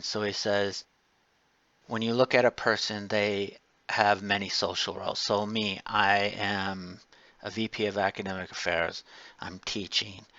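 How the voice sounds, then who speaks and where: A man's voice: lowish voice, fairly bright tone, dry recording, lo-fi sound. A male college lecturer giving a casual, digressive class lecture full of personal stories.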